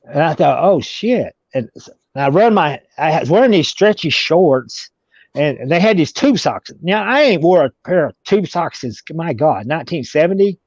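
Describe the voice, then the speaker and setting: A man's voice: on the high side, sing-song, normal speed, a little mellow, dry recording. A man telling a long story as an interview guest, rambling with many restarts. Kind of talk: casual storytelling. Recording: dull lo-fi recording.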